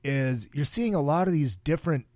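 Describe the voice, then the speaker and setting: A man's voice: on the high side, lively intonation, normal speed, a little mellow, no echo, studio quality. A man from the upper Midwest hosting a podcast, telling long rambling stories full of swearing. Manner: profane, rambling storyteller. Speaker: podcast host. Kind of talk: casual podcast chat.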